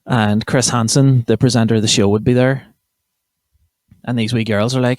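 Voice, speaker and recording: A man's voice: lowish voice, fairly even intonation, brisk, dry recording, clean studio sound. Sweary Northern Irish man, rambling comedy. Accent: Northern Irish, County Armagh. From County Armagh, Northern Ireland. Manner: rambling, sweary, self-interrupting. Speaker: podcast host. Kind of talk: casual comedy monologue.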